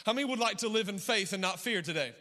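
A middle-aged man preaching a sermon as pastor, his voice hoarse and worn from yelling, with a rhythmic delivery and call-outs to the congregation. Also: high-pitched, expressive, fast talker, in a large hall.

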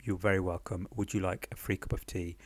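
A man voicing a calm, offhand male airport desk clerk in a comic story. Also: low voice, a little fast, no echo. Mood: polite.

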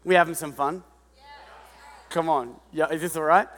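A pastor in his thirties preaching a lively sermon, breaking into shouted impressions of kids and parents. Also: fairly high pitch, quick pace. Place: church hall. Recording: long reverb of a large church hall.

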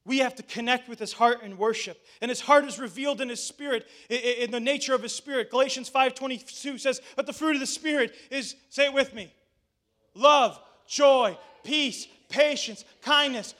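Male pastor with a high voice, animated sermon that drops into casual asides with the church. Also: quick pace, hardly any pauses. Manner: animated, addresses the congregation directly; conversational asides with restarts.

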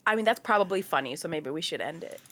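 A woman co-hosting a casual podcast, slangy and expressive, swearing freely. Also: on the low side, fast. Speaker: podcast co-host. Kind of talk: casual chat.

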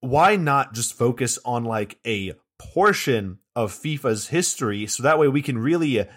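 A man's voice: medium pitch, animated, normal speed. A man co-hosting a podcast, giving a rambling, frustrated critique of a movie in casual chat. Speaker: podcast co-host.

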